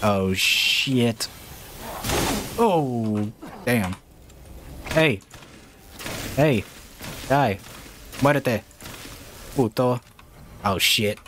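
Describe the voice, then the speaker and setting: A man playing a horror game and talking through it casually, with slow, drawn-out remarks that jump to startled shouts and curses. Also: medium pitch, animated, a little hiss or hum. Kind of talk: casual let's-play commentary.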